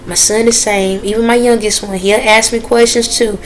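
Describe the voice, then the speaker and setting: Woman vlogger, slightly high voice, earnest and preachy, addressing viewers as y'all, faint hiss. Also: fairly even intonation, poor audio. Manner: dialect grammar, drawn-out phrasing. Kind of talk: casual direct-to-camera talk.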